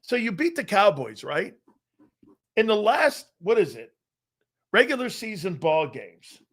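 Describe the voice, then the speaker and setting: Animated Philly sports talk host. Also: male voice, sits high, measured pace. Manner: animated, laughing, bantering, profane. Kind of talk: live sports talk show commentary.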